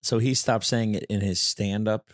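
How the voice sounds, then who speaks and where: Lowish guy hosting a podcast, teasing and skeptical, dry close sound. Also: fairly even intonation, normal speed, no room sound. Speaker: podcast host. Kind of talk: casual podcast chat.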